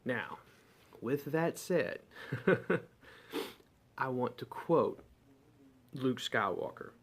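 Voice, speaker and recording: A man's voice: medium pitch, lively intonation, drawn-out words. A man hosting a short devotional talk, telling stories in a folksy, conversational way. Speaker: ministry devotional host.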